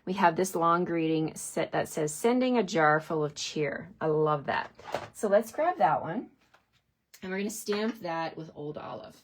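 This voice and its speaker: A woman's voice: lowish voice, lively intonation, normal speed, a little hiss or hum. A woman giving a chatty, enthusiastic card-making tutorial, talking her viewers through each step. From Canada. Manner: chatty and enthusiastic, addressing viewers as you guys. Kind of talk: crafting tutorial.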